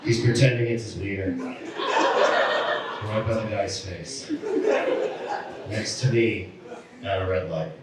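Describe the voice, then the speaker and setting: A man doing a stand-up set, telling stories in a deadpan way and acting out the people in them. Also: lowish voice, takes it slowly, pauses often, very noisy. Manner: deadpan storytelling with acted-out voices. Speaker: stand-up comedian. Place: comedy venue. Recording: echoey room from a distant mic.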